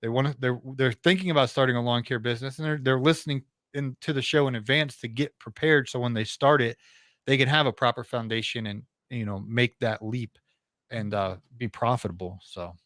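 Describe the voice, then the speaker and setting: A man's voice: medium pitch, fairly even intonation, brisk, fairly bright tone, no room sound, clean studio sound. A man being interviewed about his podcast, talking earnestly and at length in a casual way, often restarting his sentences. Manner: earnest, talkative, many restarts. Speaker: podcast host, interview guest.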